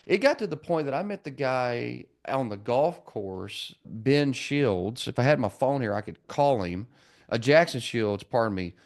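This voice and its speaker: A man's voice: medium pitch, measured pace. A man in his forties, a trades business coach, telling stories in a podcast interview and acting out the dialogue. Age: 40s. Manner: animated, acts out dialogue in quoted voices.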